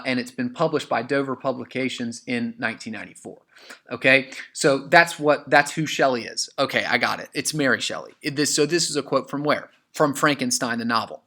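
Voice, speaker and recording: Bright-voiced man teaching essay formatting. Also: mid-range voice. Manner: frequent "uh" and "okay?" check-ins, asks and answers own questions. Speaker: high school English teacher. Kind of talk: screen-share lesson.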